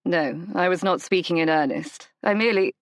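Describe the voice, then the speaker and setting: A woman voicing a reclusive male duke who speaks in a quiet, clipped, formal way. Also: fairly low pitch, moderate pace, no room sound, studio quality, pitched below the performer's own voice, lightly acted. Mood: reserved.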